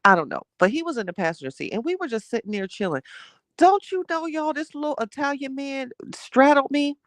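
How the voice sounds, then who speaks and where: A young livestream host with a high-pitched voice talks fairly quickly, recounting a dating story to her chat. She laughs, stays animated, and reads chat names aloud. There's no echo.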